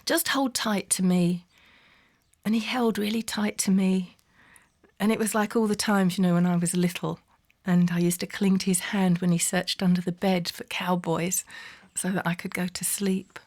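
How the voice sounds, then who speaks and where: Soft-spoken woman, lowish voice. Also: steady tone, normal speed. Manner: intimate, often drops to a whisper. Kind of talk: spoken-word memoir narration.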